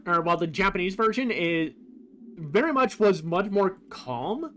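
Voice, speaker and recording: A man's voice: sits high, animated, normal speed, a bit bright, slight background noise. A man streaming a game who compares translations in casual commentary, rambling with many fillers.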